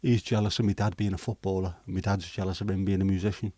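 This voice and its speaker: Mellow low-voiced Liverpool man. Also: flat delivery, quick pace, dry recording. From Liverpool, England. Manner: rambling, hesitant with many ums, mildly sweary banter. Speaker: livestream host. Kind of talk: casual chat answering viewer comments.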